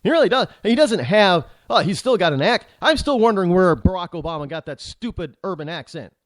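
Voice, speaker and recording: Man, talk radio host, rambling indignant monologue, animated pitch, dry studio mic. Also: brisk, dry recording. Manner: rambling, restarts often, indignant rhetorical questions.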